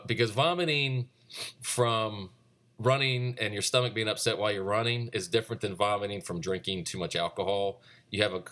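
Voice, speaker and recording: A man in his forties, a runner casually recapping his race in a rambling, unhurried way with frequent pauses and restarts. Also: low-pitched, fairly bright tone. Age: 40s.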